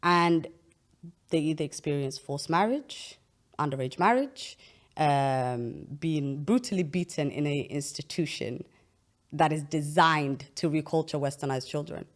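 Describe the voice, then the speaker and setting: A woman's voice: low voice, unhurried. A young woman hosting an interview, explaining at length in an earnest, casual way with frequent restarts. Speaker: podcast host.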